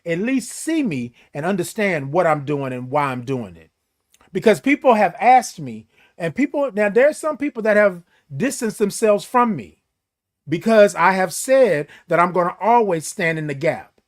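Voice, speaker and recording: A man hosts a casual morning livestream, talking straight to his viewers in an emphatic, preachy way. His voice sits a little high for a man, and he calls out viewers by name as he goes. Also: sing-song, normal speed. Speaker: host.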